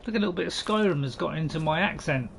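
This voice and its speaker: A man's voice: a little high, quick pace, vocal fry, a little hiss or hum. A man, a gaming host, giving jokey casual let's-play commentary and bantering with game characters.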